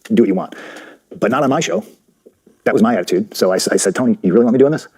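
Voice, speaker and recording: Fast-talking blunt man with a husky voice. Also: mid-range voice, expressive, darkish tone. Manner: blunt, profane, rapid storytelling with quoted dialogue. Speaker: interview guest, wrestler. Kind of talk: candid interview storytelling.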